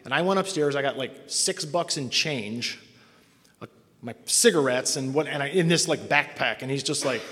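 A man's voice: on the high side, a little fast, fairly bright tone. A middle-aged man telling his own recovery story to a meeting, in a candid, self-mocking way. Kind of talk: personal testimony to a meeting. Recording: long hall reverb.

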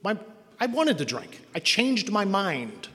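A middle-aged man telling a story to an audience, animated and self-mocking, acting out other people's voices in his quotes. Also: high voice, measured pace, long reverb tail. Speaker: speaker sharing a recovery story.

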